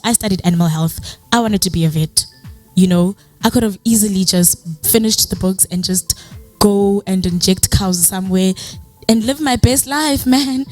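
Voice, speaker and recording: A young South African woman gives a personal, motivational talk in a conversational, storytelling way. She leans on "you know" as she goes and slips into lively acted-out dialogue. Soft music plays faintly behind her. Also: medium pitch. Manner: chatty storytelling with many "you know" fillers; acts out quoted dialogue in a lively way. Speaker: guest speaker.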